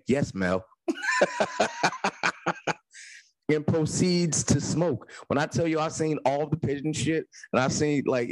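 A man, a podcast co-host, telling a story in casual chat, animated and laughing often. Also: mid-range voice, dry recording, rough recording.

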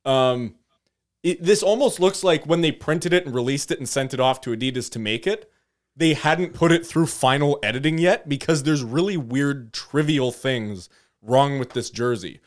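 A man co-hosting a casual sports podcast, teasing and critical in an animated way. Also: mid-range voice, moderate pace. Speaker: podcast co-host.

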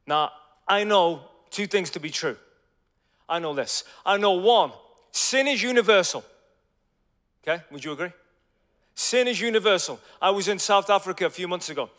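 Lively preacher in a big echoing hall. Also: male voice, high voice, moderate pace, pauses often. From Ireland. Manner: energetic, conversational, swings from loud to hushed. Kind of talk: sermon with storytelling. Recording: long hall reverb.

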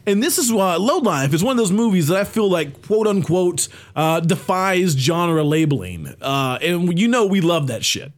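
Man, podcast co-host, casual chat, rambling, swears a lot, slightly high voice. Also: animated, normal speed, hardly any pauses. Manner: loose, rambling, swears freely, many fillers.

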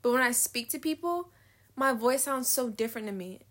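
On a casual solo podcast, a nineteen-year-old woman with a fairly high, slightly bright voice speaks at normal speed. She says she has a slight lisp and rambles in a filler-heavy way, swearing freely and laughing at herself.

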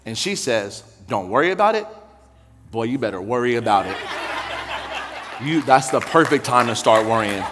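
A young adult man, a pastor, preaching in a church in a conversational, joking way that rises to shouted intensity. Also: medium pitch, normal speed, big-room sound, background noise. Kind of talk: sermon. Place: church sanctuary.

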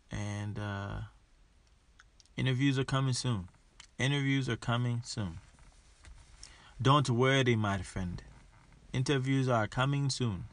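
A man's voice: on the low side, fairly bright tone, dry recording. Emphatic male podcast host, dry sound. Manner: emphatic, repeats his rallying lines. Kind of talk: motivational podcast monologue.

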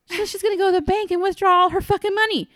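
A woman's voice: very high voice, steady tone, rapid-fire, fairly bright tone, no room sound, clean studio sound. A woman co-hosting a podcast, recapping a movie in casual chat with crude, sarcastic jokes. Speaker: podcast co-host.

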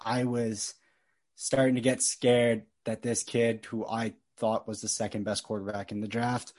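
A man's voice: on the low side, flat delivery, measured pace, darkish tone. A man co-hosting a casual sports chat, telling stories with animation and laughing often. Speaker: podcast co-host.

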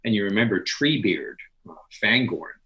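Male podcast guest, scholar, animated storyteller, lower voice, conversational. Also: normal speed, poor audio. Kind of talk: conversational interview.

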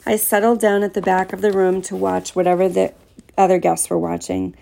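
A woman narrating a first-person story aloud in a steady, plain storytelling manner. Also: mid-range voice, fairly quick, creaky. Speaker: audiobook narrator.

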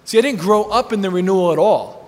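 Earnest high-voiced male preacher. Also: quick pace. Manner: earnest storytelling, frequent restarts. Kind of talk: sermon with personal testimony. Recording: long hall reverb.

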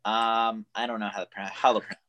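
A man's voice: on the low side, flat delivery, fast talker, a bit bright. A man co-hosting a casual sports podcast, rambling and joking with frequent laughs.

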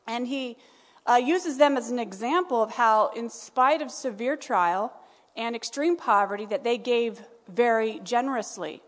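A woman preaching a sermon in a church, animated and rising to emphatic peaks. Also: on the high side, measured pace. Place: church sanctuary. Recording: long reverb of a large hall.

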